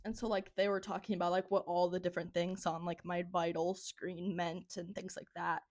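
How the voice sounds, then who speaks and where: A woman's voice: lowish voice, level tone, a little fast, darkish tone, no echo, studio quality. A young woman telling a story as podcast co-host in casual chat, rambling with lots of "like" and frequent laughs. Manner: rambling, heavy use of "like", laughs often.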